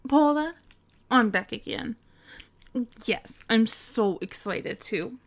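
A woman's voice: fairly high pitch, expressive, slow. A woman acting out a teasing, bossy young woman in a scripted audio role-play, giggling and scolding in mock disgust.

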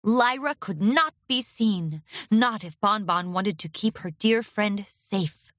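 A woman narrating a pony fan fiction story aloud in a steady, expressive storytelling manner. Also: medium pitch, slow, dry recording, clean studio sound.

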